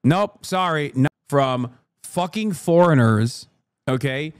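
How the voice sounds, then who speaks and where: Combative, profane streamer with a high voice. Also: male voice, animated, takes it slowly, smooth, no echo, studio quality. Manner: combative, profane, talks straight to chat. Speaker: streamer reacting to news. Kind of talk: profane live-stream rant.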